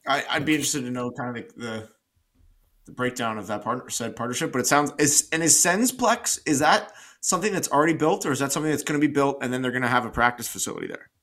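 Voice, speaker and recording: Speaking at a quick pace, a male podcast co-host keeps the chat casual, musing aloud and restarting often. His pitch is medium and his tone fairly bright.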